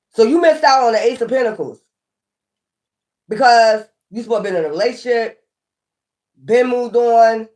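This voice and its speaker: A woman giving a casual, animated tarot reading, often scolding and repeating herself. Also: fairly high pitch. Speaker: tarot reader.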